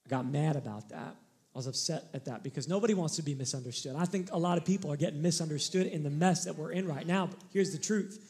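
A male pastor preaching a sermon, animated and emphatic, shifting into candid personal stories. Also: a little high, fast.

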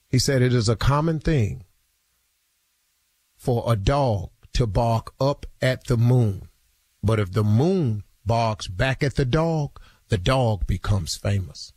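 A man's voice: a little high, no echo. A man in his sixties with a Southern US accent, hosting a morning radio show and giving a preachy, folksy pep talk. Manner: preachy, folksy, drawling delivery.

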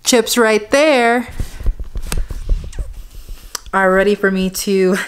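A woman's voice: medium pitch, very slow, clean tone, voice pushed up. A young woman vlogging in a put-on Yorkshire accent, chatty and self-mocking. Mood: playful. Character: an American woman faking a Leeds accent. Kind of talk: casual vlog chat.

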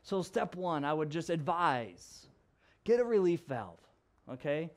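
Chatty, jokey middle-aged man pastor, high voice, casual vlog delivery. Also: sing-song, measured pace. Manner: chatty, jokey, laughs often. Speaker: pastor and professor. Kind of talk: casual devotional vlog talk.

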